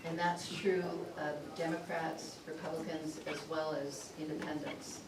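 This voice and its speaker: A woman candidate speaks confidently in a lowish voice, picked up from a distance in an echoing hall. Clear room noise runs behind her. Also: level tone. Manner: confident, brisk and data-minded. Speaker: political candidate. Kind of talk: campaign closing statement. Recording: echoey hall, distant mic, noisy.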